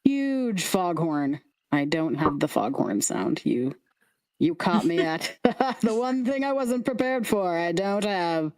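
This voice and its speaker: A woman's voice: on the low side, very animated, slow pace, darkish tone. A woman narrating as game master, playful and theatrical.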